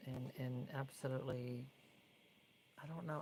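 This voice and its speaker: A woman's voice: a bass voice, steady tone, measured pace, a little hiss or hum, rough recording. A woman talking casually as she works on a doll, chatty and opinionated, sometimes dropping to a whisper. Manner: chatty, opinionated, drifts between soft whispers and fuller speech. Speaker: doll customizer vlogger. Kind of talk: casual tutorial vlog.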